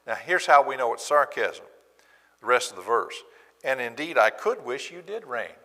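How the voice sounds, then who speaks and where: Guy preaching a bible lesson, bright forceful voice, lots of reverb, acts out the sarcastic bits. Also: mid-range voice, normal speed. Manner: animated, acts out sarcastic quotes. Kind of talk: bible class sermon. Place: church.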